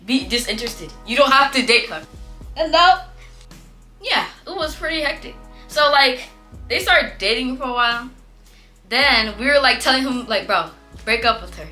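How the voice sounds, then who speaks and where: A young woman casually telling a story, chatty and animated, acting out what classmates said in playful voices. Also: sits high, normal speed, pauses often. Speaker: vlogger. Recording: faint background music.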